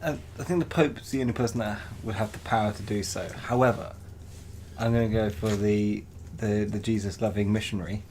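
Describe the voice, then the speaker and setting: A man co-hosting a casual comedy podcast, thinking out loud with lots of hesitant restarts. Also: on the low side, steady tone, brisk, a little hiss or hum. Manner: rambling, hesitant, restarts often. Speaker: podcast co-host.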